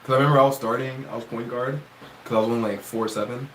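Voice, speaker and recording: A man making teasing, deadpan quips in a casual livestream chat. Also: medium pitch, fast talker. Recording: roomy, distant mic with faint noise.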